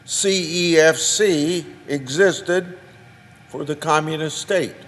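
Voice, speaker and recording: An older man, a senator, reading a prepared floor speech in a slow, halting way, restarting words and marking each quotation. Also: on the high side. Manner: slow, halting delivery with restarts and careful quoting. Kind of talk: prepared speech read aloud. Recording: long reverb of a large chamber.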